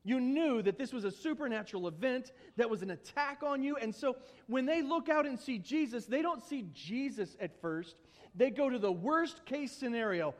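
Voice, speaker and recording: Man preaching, high voice, earnest, repeats himself, long hall reverb. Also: animated, moderate pace. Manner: earnest, stumbling repetitions, humorous asides. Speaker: pastor. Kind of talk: sermon.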